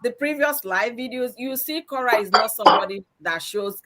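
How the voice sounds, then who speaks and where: A woman's voice: a little high, moderate pace, fairly bright tone. A woman, earnestly explaining her view on a live-stream panel. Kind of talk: casual live-stream discussion.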